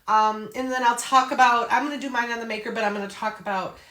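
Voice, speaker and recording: A woman's voice: fairly high pitch, steady tone, fast talker, bright, forceful tone, echoey room. A chatty, upbeat woman hosting a live craft tutorial and greeting viewers by name. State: out of breath. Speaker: craft class host.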